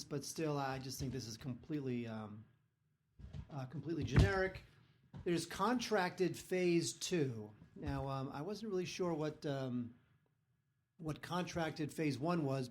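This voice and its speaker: A man hosting a podcast, reviewing movies in casual chat in a sardonic, halting way with lots of fillers. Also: on the high side, a little mellow. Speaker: podcast host, film reviewer.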